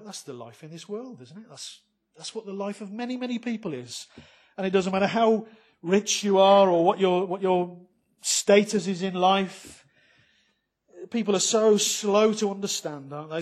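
Preaching to his congregation, a man poses many rhetorical questions and swings between loud, emphatic lines and soft, quiet ones. His voice sits high, at normal speed.

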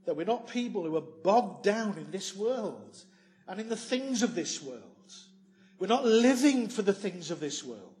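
A man preaching a sermon, full of tag questions and moving between loud emphasis and quiet asides. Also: high-pitched, sing-song, moderate pace.

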